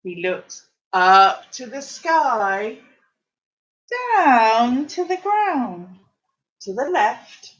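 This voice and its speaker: A woman's voice: fairly high pitch, very slow, muffled recording. A woman reading a picture book to small children, full of gasps and questions to her listeners. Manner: animated, gasping, speaking straight to the children. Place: at home.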